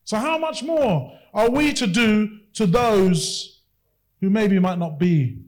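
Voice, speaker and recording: High-voiced impassioned preacher. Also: male voice, lively intonation, slow. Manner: impassioned, repetitive, emphatic. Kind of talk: sermon.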